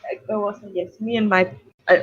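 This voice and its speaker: A woman's voice: medium pitch, steady tone, moderate pace, slightly rough, dry recording. A woman from Switzerland with a Swiss German accent, chatting casually and swearing freely on a late-night stream. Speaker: stream co-host. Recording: dull, lo-fi stream audio.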